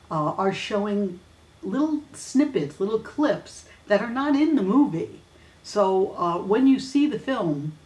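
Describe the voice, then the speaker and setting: A woman's voice: mid-range voice, a little mellow. Chatty woman host in a roomy space. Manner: chatty, many fillers and restarts. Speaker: host of a weekly fan news videocast. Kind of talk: casual news chat. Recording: roomy echo.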